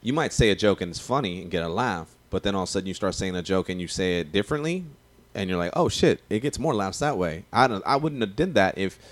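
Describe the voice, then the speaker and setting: Deep-voiced comedian. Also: male voice, expressive, quick pace. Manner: slangy, profane, rambling storytelling. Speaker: stand-up comedian. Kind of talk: casual podcast chat.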